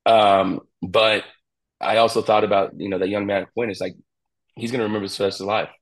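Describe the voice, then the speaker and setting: A middle-aged man, a college pitching coach, talking casually in an interview and rambling with lots of fillers and restarts. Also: little pitch movement, quick pace, low-quality recording.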